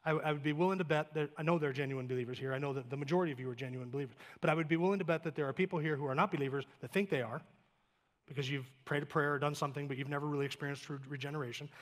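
Speaking fast, this pastor builds emphasis through quick lists of short phrases, then relaxes into casual, joking remarks. His voice is a bit high and steady in tone, and the sanctuary around him rings with long reverb.

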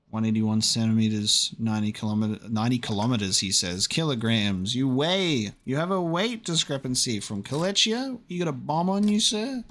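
A man's voice: medium pitch, fairly bright tone. Young man giving chatty game commentary. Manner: chatty, muttering while checking, swears. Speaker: gaming video creator. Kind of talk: casual let's-play commentary.

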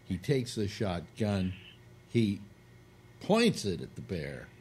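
Low-voiced man telling a crude joke. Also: takes it slowly, slight background noise. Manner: animated joke-telling with acted quotes, crude. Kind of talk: casual radio chat, storytelling.

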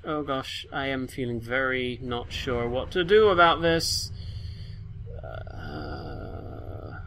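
Talking to the figures on screen, this young man narrates his gameplay in a chatty, jumpy let's-play style. His voice is fairly high and sharp, and faint piano music plays in the background.

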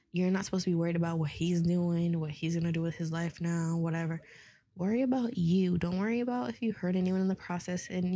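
A woman's voice: fairly low pitch, dark tone, slight background noise. A woman hosting an advice video, talking in an earnest, heartfelt way and swearing casually. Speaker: host of an advice series.

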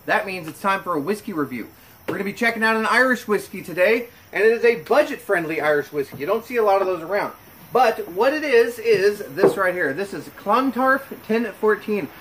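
High-voiced chatty man. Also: a little fast, noisy background. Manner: relaxed, joking, chatty with fillers. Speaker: whiskey reviewer, channel host. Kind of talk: casual chat to camera. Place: home bar.

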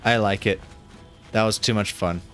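A man streaming a fantasy game, commenting casually in a goofy, excitable, playful way. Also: lowish voice, moderate pace, soft background music. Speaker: gaming streamer. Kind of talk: casual let's-play commentary.

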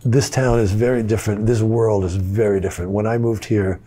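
An older man with a low, dark, husky voice tells music stories in a relaxed interview. He gets animated as he goes, laughing and mimicking the people he quotes. It sounds like easygoing, unscripted chat. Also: a little fast. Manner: animated, laughs while telling stories, acts out others' lines. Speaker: guitarist guest. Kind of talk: casual interview storytelling.

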